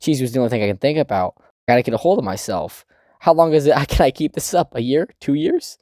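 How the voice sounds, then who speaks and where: Frantic lovesick young man, read by a man in his own voice, fast and panicky. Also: mid-range voice, lively intonation, mellow, dry recording, studio quality, lightly acted. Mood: panicked.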